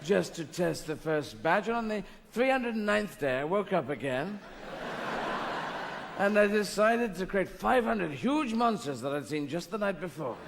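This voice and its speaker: A man's voice: sits high, animated, a little slow, vocal fry, exaggerated voice. A man voicing a pompous, careless male god who talks in a grand, self-important way, with long hall reverb and audience noise.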